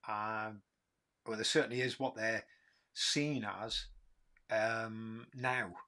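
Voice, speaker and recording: A man's voice: on the low side, fairly even intonation, takes it slowly, sharp tone. A man in his fifties with a Geordie accent from Newcastle, hosting a casual livestream Q&A, rambling and joking at his own expense. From Newcastle, England. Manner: rambling, self-mocking, laughs often. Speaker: livestream host answering questions.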